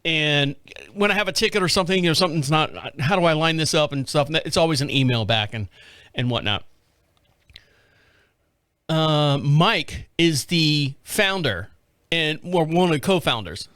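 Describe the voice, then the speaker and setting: High-voiced man rambling on a podcast. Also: lively intonation, moderate pace, a bit bright, clear, resonant tone, dry recording, clean studio sound. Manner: rambling, with lots of repeated words and restarts. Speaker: podcast host. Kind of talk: casual storytelling.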